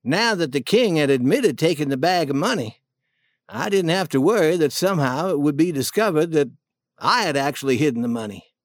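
A man narrating a first-person story in a steady, plain manner. His voice is high and lively, moving up and down a great deal. The recording is close and dry. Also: brisk, no room sound. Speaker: audiobook reader.

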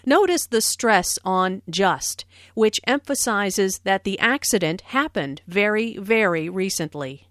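A woman's voice: medium pitch, lively intonation, a bit bright, no echo. A woman reading scripted English lesson notes in a careful, explanatory way, recorded close on a studio mic. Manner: slow, careful, explanatory delivery. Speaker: language teacher.

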